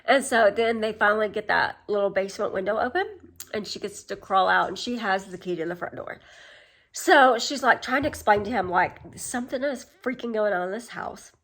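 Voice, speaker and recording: A woman's voice: mid-range voice, fairly quick, fairly bright tone. Chatty woman rambling through a recap. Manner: chatty, rambling, heavy use of "like" and "um". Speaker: film summary vlogger. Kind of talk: casual spoken film recap.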